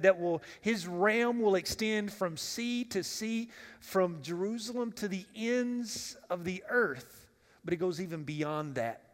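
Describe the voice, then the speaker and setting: Higher-voiced pastor preaching in an echoing church. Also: male voice. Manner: casual and direct, asks the congregation questions, often repeats words as he restarts. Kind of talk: conversational sermon. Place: church sanctuary. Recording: long reverb of a church hall.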